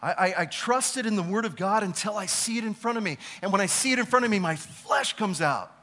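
A man preaching a sermon as a pastor, animated, stretching key words and dropping to a chatty tone for personal stories. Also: high-pitched, a little fast.

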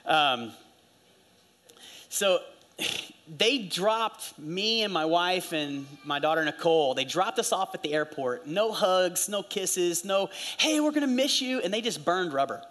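This sermon comes from a middle-aged pastor whose voice sits high and whose pace is slow. Animated swings run through his stories as he voices the people he quotes.

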